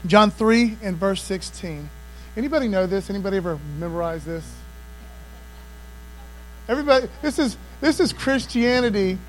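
Male pastor, high-pitched, emphatic casual preaching, light hum in the recording. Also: lively intonation, normal speed, pauses often, low-quality recording. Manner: emphatic preacher, repeating "amen" and "man". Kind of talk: sermon.

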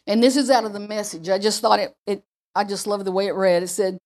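A woman's voice: medium pitch, steady tone, fast talker, a little mellow. A woman giving an informal sermon full of personal testimony, chatty and repeating herself with frequent restarts. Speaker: lay preacher.

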